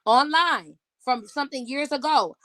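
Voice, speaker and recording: A woman's voice: high-pitched, moderate pace, very noisy. A woman in her thirties, a podcast guest, talking bluntly and profanely as she tells a heated story in casual chat.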